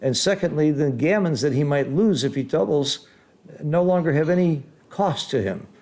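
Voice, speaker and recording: A man commenting live on a board game match, reacting loudly to big swings and then explaining the strategy patiently like a teacher. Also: on the high side, moderate pace. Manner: excitable, exclaims loudly at big rolls, then explains calmly.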